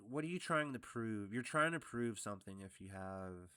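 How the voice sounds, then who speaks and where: A man's voice: on the low side, animated, moderate pace, sharp tone, clean tone, dry recording. A man from Canada hosting his own vlog, talking in a blunt, provocative, jokey ramble with plenty of swearing. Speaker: vlog host. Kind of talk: casual rambling monologue. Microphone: upgraded studio mic.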